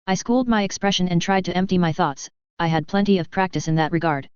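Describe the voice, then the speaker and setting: Smooth low-voiced woman reading a story. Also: fast talker, hardly any pauses, a little mellow, no room sound, dull audio. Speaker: reader. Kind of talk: audiobook reading of fan fiction.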